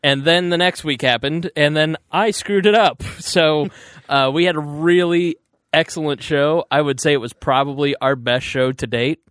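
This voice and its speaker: A man's voice: fairly high pitch, fairly even intonation, moderate pace, few pauses, a bit bright, clean tone, no echo, studio quality. A man hosting a casual political podcast, chatting in a joking, self-deprecating way. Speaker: podcast host and producer.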